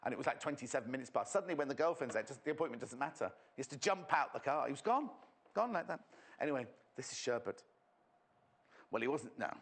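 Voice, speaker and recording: A man's voice: mid-range voice, expressive, fast talker, breathy edge. A man presenting a live sewing demonstration on a shopping channel, chatty and gossipy as he teases the crew. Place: TV studio.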